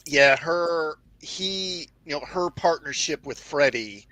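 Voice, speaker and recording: A man co-hosting a casual livestream, commenting on a film in a measured way with hesitations. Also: on the high side, pushed and bright, no echo. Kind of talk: casual movie-talk livestream.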